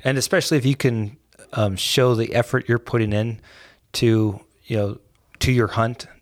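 A man who works as a game warden, answering interview questions in a measured, deliberate way. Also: medium pitch, steady tone, dry recording, studio quality.

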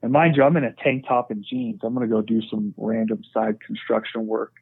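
A man's voice: on the low side, level tone, fairly quick, slightly rough, dry recording. A man speaking as a podcast guest, telling his story earnestly and frankly and often saying "you know". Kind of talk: conversational storytelling. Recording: tinny phone-like dry sound.

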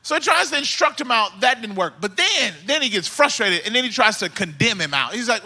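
Male pastor, sermon, animated comic storyteller, bright and lively voice. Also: high-pitched, brisk, hardly any pauses. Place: church.

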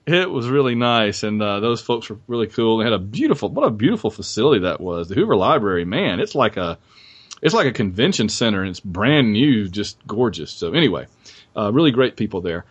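A man's voice: lowish voice, very animated, fairly quick, slightly rough, highs cut off. A man hosting a podcast and chatting casually about college football in a rambling, restarting way. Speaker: podcast host. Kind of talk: casual sports chat.

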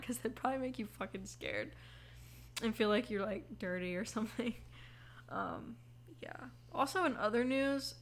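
A woman's voice: mid-range voice, fairly bright tone. Yawning, rambling young woman chatting. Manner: rambling, lots of "like", yawning, swears casually. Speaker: podcast host. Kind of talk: casual chat. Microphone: headphones on, recording mic.

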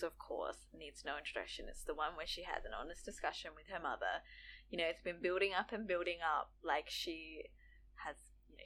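A woman's voice: fairly low pitch, a bit bright, slight background noise. A woman co-hosting a podcast in casual chat, enthusiastic and chatty. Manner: enthusiastic, chatty, lots of fillers. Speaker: podcast co-host.

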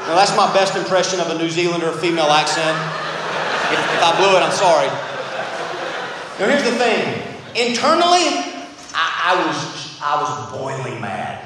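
A middle-aged American man preaching a sermon, telling stories in an animated, self-deprecating way. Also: a little high, normal speed, pauses often. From United States. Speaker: pastor. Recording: very echoey hall, faint room noise.

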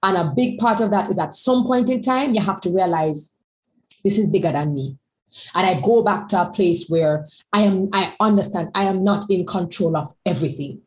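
A woman's voice: lowish voice, normal speed, poor audio. A woman guest speaker in a candid conversation, talking emphatically and repeating words as she gathers her thoughts.

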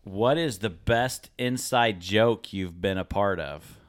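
A man's voice: fairly low pitch, takes it slowly. Middle-aged man hosting a casual podcast. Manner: jokey, laughs often while asking questions. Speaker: podcast co-host. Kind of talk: casual chat.

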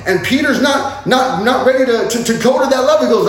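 A man with a high voice preaches in a conversational way, acting out the lines of the passage he reads. He often stops and restarts mid-sentence. His voice carries a heavy, echoing room sound. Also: a little fast, few pauses. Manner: conversational preaching, acts out dialogue, frequent restarts. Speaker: pastor. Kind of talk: sermon. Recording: very echoey room.

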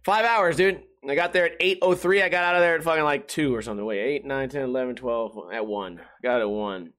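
A young storyteller with a quick, fairly bright voice rattles through a casual monologue. He swears often, laughs, and mimics the people in his stories by raising his voice.

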